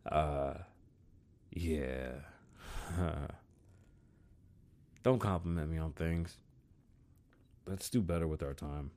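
A man hosting his own podcast, rambling and swearing, mixing English and Spanish, and high. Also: takes it slowly, long pauses, a little mellow. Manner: loose, swearing, switching between English and Spanish. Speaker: podcast host. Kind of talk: rambling profane monologue. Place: studio.

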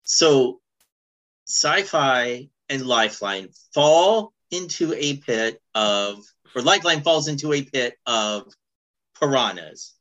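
Slow, playful and bright podcast co-host. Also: mid-range voice, expressive, poor audio. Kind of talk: casual fan podcast chat.

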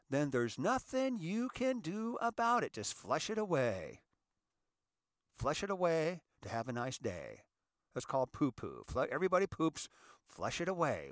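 With a higher-leaning voice, this middle-aged radio host talks from his parked car on a casual self-help show. He jokes around animatedly and gives quoted dialogue its own acted-out voices. The sound is studio quality, free of room ambience.

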